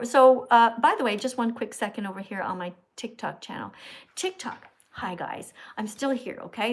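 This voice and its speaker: A woman hosting a live stream, blunt and bossy, often turning aside to talk to viewers. Her voice sits a little high and her manner stays confrontational. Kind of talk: casual live-stream chat.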